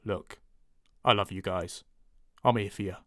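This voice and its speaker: A man voicing a gallant male centaur with a low, warm voice and a light Northern English accent, swallowing some consonants. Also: unhurried, dry recording, clean studio sound. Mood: gallant, friendly. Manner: dropped consonants, low and easygoing.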